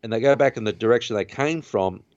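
A man's voice: mid-range voice, quick pace, darkish tone, dry recording. A man hosting a podcast, casually retelling a film's plot in a rambling way, full of fillers and restarts. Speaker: podcast host. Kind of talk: casual film recap chat. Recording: dull lo-fi dry sound.

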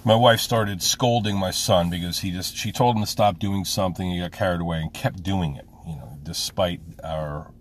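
A man with an extremely deep, low voice talks through a casual personal monologue, rambling and frank, with swearing dropped in freely. He sounds middle-aged, speaking as a father. A faint hum of vehicle noise sits behind him. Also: fairly even intonation, moderate pace, hardly any pauses. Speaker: vlogger, father.

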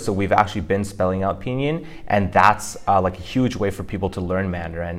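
A man co-hosting a language-learning podcast, explaining Mandarin pronunciation casually with frequent fillers. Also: low voice. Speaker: podcast co-host teaching Mandarin.

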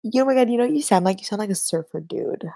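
A woman's voice: medium pitch, expressive, rapid-fire, gravelly, mellow, no room sound, clean studio sound. A young woman hosting a casual podcast chat, giggly, exclamatory and swearing freely. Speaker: podcast host.

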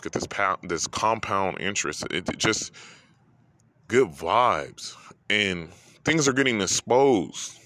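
A man's voice: sits low, a bit bright, no room sound. A man hosting a podcast, talking through an emotional personal story in a heartfelt, rambling way that repeats phrases, holding back tears. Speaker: podcast host.

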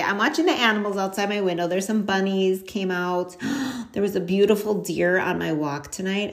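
A woman hosting a casual solo podcast, chatty and candid, with lots of "like" and "um" and lively storytelling. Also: on the low side, vocal fry. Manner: chatty and candid, frequent fillers like "like" and "um"; animated storytelling with laughs and quoted asides. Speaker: podcast host.

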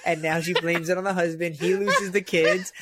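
Excitable, fairly high-voiced young man. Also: normal speed, crowd noise. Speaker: podcast co-host. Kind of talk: casual comedic chat.

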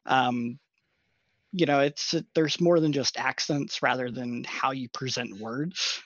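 A man speaks in a casual chat in a dry, slightly dull recording. He is thoughtful and measured, with plenty of fillers as he works out his points. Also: mid-range voice, steady tone, a bit bright, dry recording. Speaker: tabletop game player.

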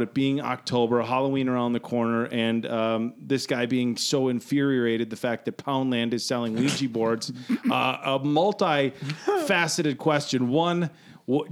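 A man's voice: medium pitch, clear, resonant tone. A man hosting a casual podcast, joking, skeptical and swearing freely. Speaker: podcast host.

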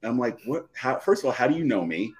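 A man's voice: medium pitch, sing-song, fast. A middle-aged man from the Philadelphia area, a podcast guest telling a personal story in a live chat, repeating and restarting phrases.

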